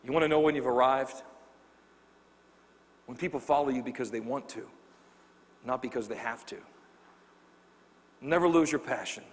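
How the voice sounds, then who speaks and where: A man's voice: medium pitch, moderate pace, pauses often. A man giving a motivational keynote speech, telling a story on stage and acting out the people in it. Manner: animated, acts out the people in his stories. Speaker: motivational speaker. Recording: long reverb of a large hall.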